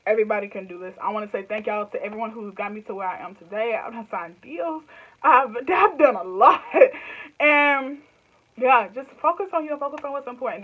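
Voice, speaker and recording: A YouTuber in her twenties with a Southern US accent chats casually to camera, rambling loosely and laughing frequently. Her pitch is fairly high, and the audio is dull.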